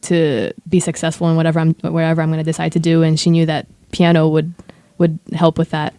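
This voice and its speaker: Mellow-voiced woman guest, hesitant. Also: sits low, monotone, a little fast, clean tone, no room sound. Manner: hesitant, with many ums. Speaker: guest musician. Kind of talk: interview answers. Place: studio.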